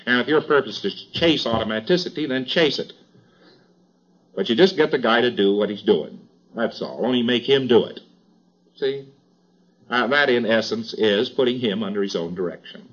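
A man's voice: mid-range voice, lively intonation, normal speed, muffled recording. A man giving an informal lecture in a wry, chatty way, with emphatic asides.

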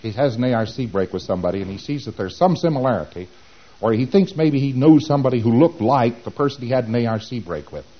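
A man giving a lecture, acting out exchanges with quick mumbled asides. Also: mid-range voice, animated, lo-fi sound. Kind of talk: recorded lecture.

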